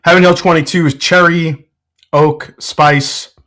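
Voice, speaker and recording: A man's voice: fairly high pitch, steady tone, measured pace, a bit bright. A man hosting a casual live stream from his home whiskey room, laughing often, swearing freely and answering chat. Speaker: whiskey show host.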